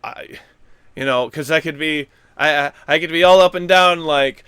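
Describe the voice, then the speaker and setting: Loud, goofy man with a bright voice. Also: fairly high pitch, normal speed, clear, resonant tone, no echo, clean studio sound. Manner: loud, animated, swings between quiet and loud; goofy, self-deprecating. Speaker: YouTube gaming news host. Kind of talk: casual rambling commentary to camera.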